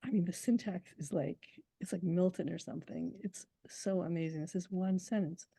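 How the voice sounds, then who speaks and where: A woman poet gives a reflective, conversational interview in a low, gravelly voice with a mellow warmth, speaking thoughtfully and slowing down to savor the verse she recites. The sound is dry and close with no room sound, though the audio quality is poor.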